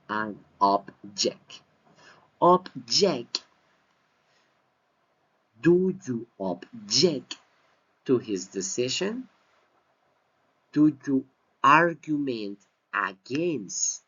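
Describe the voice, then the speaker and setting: A man whose first language is Spanish, teaching English pronunciation and stressing each word slowly and clearly. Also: medium pitch, a bit bright. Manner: exaggerated word stress, repeats words slowly. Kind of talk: slow deliberate pronunciation lesson. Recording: slightly dull lo-fi recording.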